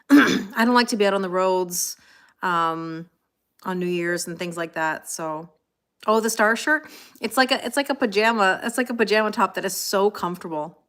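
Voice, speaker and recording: A middle-aged tarot reader with a Canadian accent chats on a live stream, greeting viewers by name and reading their comments aloud. Her voice is medium in pitch and fairly bright, at a normal speed.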